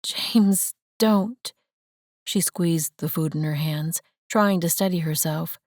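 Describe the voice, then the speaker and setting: A woman narrating a romance audiobook in a measured, gentle storytelling manner, close to the mic. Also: low-pitched, fairly even intonation, no room sound. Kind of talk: scripted narration.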